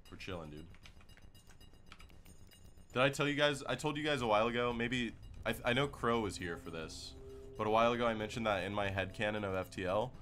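A man's voice: fairly low pitch, a little fast, a bit bright, soft background music. A man streaming a game live, chatting loosely and joking with his viewers in slangy casual talk. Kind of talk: casual live gameplay commentary.

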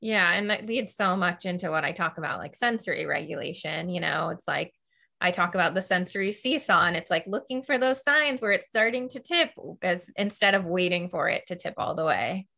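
A woman's voice: fairly low pitch, expressive, brisk, creaky, bright, forceful tone. A woman hosting a podcast interview, talking in a loose, chatty way full of "like" and "you know". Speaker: host.

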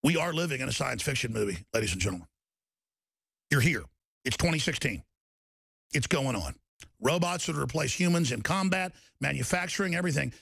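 A middle-aged man hosting a talk show, delivering an impassioned ranting monologue that swings from loud outbursts to low, intense passages. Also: expressive, fairly quick, gravelly, pauses often, slightly rough, dry recording.

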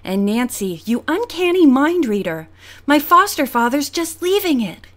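A woman's voice: high-pitched, sing-song, measured pace, voice pushed up. A woman voicing a timid, frightened teenage girl who speaks in a faltering, hesitant way.

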